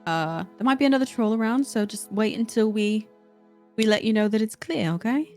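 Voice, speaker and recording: A woman's voice: fairly high pitch, a little fast, a little mellow, faint music behind. A woman playing a tabletop role-playing game, polite and slightly flustered. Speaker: player.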